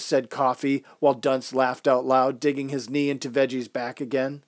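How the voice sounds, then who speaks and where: A man's voice: medium pitch, moderate pace, hardly any pauses, no room sound, clean studio sound. Man narrating a first-person audio drama. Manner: first-person storytelling, reads all the voices.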